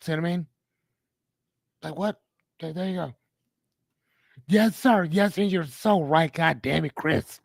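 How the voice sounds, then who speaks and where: A man's voice: high-pitched, a little slow, gravelly, pauses often, no echo. A middle-aged man hosting a live motivational podcast, talking straight to his audience in a blunt, preachy way with casual swearing. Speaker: podcast host.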